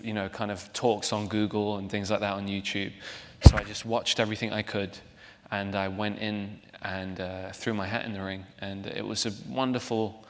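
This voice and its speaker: A young man being interviewed on a stage, voice somewhat low and chatty, often laughing at himself. His voice rings through a large hall with a long reverb. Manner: chatty, laughing, self-deprecating, with restarts. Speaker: actor guest. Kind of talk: onstage interview. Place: large theater hall, live audience.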